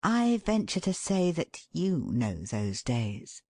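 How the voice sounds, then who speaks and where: A woman's voice: on the low side, slow pace, vocal fry, hardly any pauses, dry recording. A woman reading an audiobook aloud, shifting her tone to act out the quoted lines. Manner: expressive, shifts tone for quoted speech. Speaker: audiobook narrator. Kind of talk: scripted narration.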